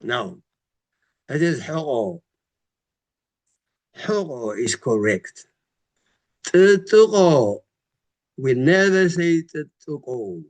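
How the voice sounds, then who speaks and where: A man's voice: mid-range voice, lively intonation, takes it slowly. A male language teacher, giving a lesson and carefully repeating example words.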